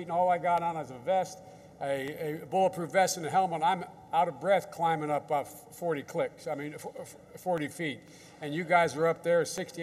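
A man's voice: on the high side, darkish tone, long reverb tail. An older American man giving a folksy, rambling off-the-cuff speech to soldiers at a ceremony, with many restarts and repeated words. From United States. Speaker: government official addressing troops.

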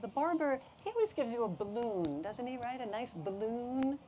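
A woman's voice: medium pitch, very animated, normal speed, darkish tone, slight background noise, lightly acted. A woman voicing an exasperated mother who sighs and fusses over a growing pile of dinosaurs in a storybook. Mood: coaxing. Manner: weary, sighing, fussy.

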